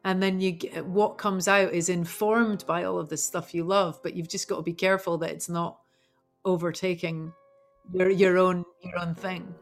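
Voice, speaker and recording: A woman musician chatting as a podcast guest, telling lively stories with frequent swearing and laughter. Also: fairly low pitch, moderate pace, soft background music. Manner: animated storyteller, swears freely, laughs often. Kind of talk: casual interview chat.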